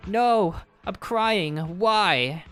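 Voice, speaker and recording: A man's voice: sits high, lively intonation, very slow, faint music behind, heavily acted. A man reading aloud as an arrogant evil knight who was once a childhood doll, in a melodramatic villain delivery. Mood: panicked. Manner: melodramatic villain reading, swings to panicked shouting. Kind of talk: reading game dialogue aloud.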